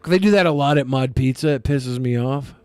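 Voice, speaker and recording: A man co-hosting a podcast in casual chat, blunt and quick to swear, often repeating words as he starts a thought. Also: medium pitch, darkish tone, clear, resonant tone, no echo. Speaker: podcast co-host.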